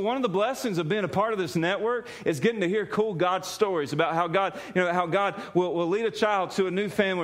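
A man preaching a sermon, telling a story in an animated way, often laughing and repeating words as he goes. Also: high voice. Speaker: pastor.

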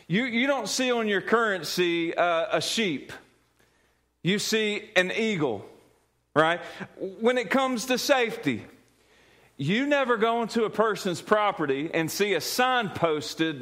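A man preaching, his voice sitting a little high for a man. He talks in a folksy way, repeating himself and restarting phrases before building to earnest points. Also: a bit bright. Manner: folksy, repetitive restarts, tells a joke then turns earnest. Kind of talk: sermon.

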